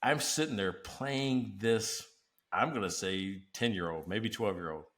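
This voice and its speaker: A man's voice: fairly low pitch, a little slow, fairly bright tone. A man hosting a casual business podcast, telling stories animatedly and laughing often. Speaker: podcast host. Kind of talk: casual chat.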